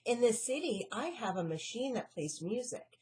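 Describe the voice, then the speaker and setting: A woman's voice: fairly high pitch, moderate pace, close to an everyday voice. A woman playing a grand, showy city mouse. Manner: grand, excitable.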